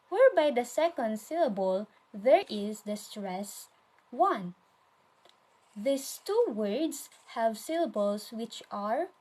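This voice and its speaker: A woman speaks with a Filipino English accent, teaching a recorded lesson. She takes her time, goes through each step and repeats it, and often stops to quiz her listeners. Her voice sits a little high. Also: darkish tone, rough recording. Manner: patient, repeats steps and quizzes the listener.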